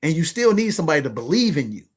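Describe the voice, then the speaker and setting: A man in his fifties telling a motivational story to his listeners, animated and slangy, often calling out to them as ladies and gentlemen. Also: a little high, rapid-fire, slightly rough. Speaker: podcast host and money coach.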